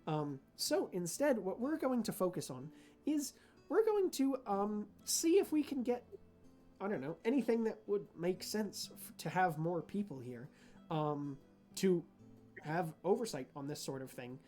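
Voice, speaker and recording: A man voicing a hesitant female official who hosts a meeting and speaks in a halting, polite way. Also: fairly low pitch, very animated, warm tone, soft background music. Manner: halting, polite, stumbling over words.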